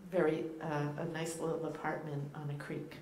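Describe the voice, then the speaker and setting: A woman's voice: deep voice, level tone, moderate pace, darkish tone. A woman with a Boston accent giving a playful, teacherly sermon as a guest rabbi, with frequent ums and uhs. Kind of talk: informal sermon to a congregation. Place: church sanctuary. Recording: echoey room, faint background noise.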